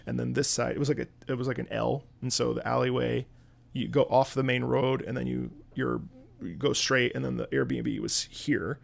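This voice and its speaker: A man's voice: medium pitch, steady tone, normal speed, vocal fry. A man who streams and sings opera, telling a rambling story in casual chat with his audience, with lots of swearing and filler words.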